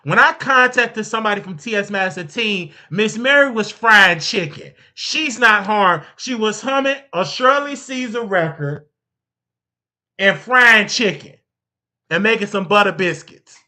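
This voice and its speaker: A man's voice: high-pitched, lively intonation, a little slow, bright, forceful tone. A man hosting a show, delivering a heated, theatrical comedic rant full of stammered outrage and asides to a sidekick. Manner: addresses a sidekick and the audience. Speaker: show host.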